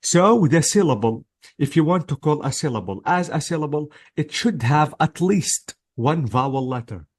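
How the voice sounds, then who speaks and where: A man with a fairly high, expressive voice teaches English for an exam at a normal speed. He explains patiently in small steps, though he hesitates a lot and keeps checking in.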